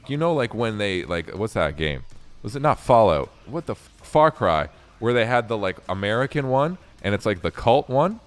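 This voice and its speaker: A young man from Canada tells a long story in a loose, rambling way, full of fillers and swearing. His pitch swings widely and lively as he goes. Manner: animated, profane, rambling with many fillers. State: recounting a sleepless night drive. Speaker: streamer. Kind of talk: casual storytelling.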